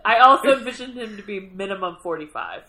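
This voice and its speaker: A woman's voice: mid-range voice, fast, crowd noise. A woman chatting and joking about a book in a casual podcast talk. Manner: animated, joking, rambling. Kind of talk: casual book-club chat.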